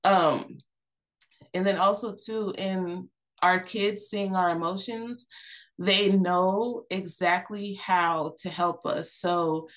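Woman in her thirties, podcast guest, low-pitched, earnest, reflective, lots of "you know" and restarts. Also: fairly even intonation, slow, fairly bright tone. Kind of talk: candid personal conversation.

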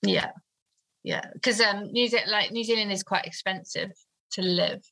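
A woman's voice: mid-range voice, fairly even intonation, normal speed, bright, forceful tone, low-quality recording. A woman in her thirties, a guest in an interview, talking hesitantly with many fillers. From United Kingdom. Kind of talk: conversational interview.

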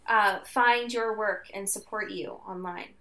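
A woman's voice: mid-range voice, fairly even intonation, a little slow. A woman hosting a podcast, chatting in an encouraging manner. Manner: warm, encouraging. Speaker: podcast host. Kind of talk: casual chat.

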